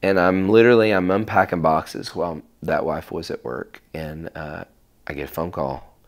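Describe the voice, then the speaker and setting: Brief: man, lowish voice, guest in a casual chat, animated storyteller who rambles and restarts. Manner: animated, acts out conversations with quick voice shifts. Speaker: guest musician.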